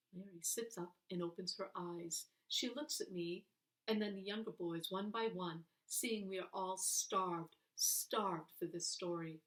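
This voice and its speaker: A woman's voice: lowish voice, unhurried, roomy sound, poor audio. A woman reading a children's novel aloud, voicing the characters with expression. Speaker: reader.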